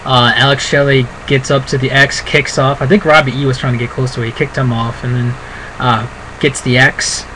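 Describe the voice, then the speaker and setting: A man's voice: medium pitch, flat delivery, normal speed, sharp tone, a little hiss or hum, poor audio. A man giving a casual, rambling spoken review, full of fillers and asides. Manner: rambling, chatty, many fillers. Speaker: wrestling show reviewer.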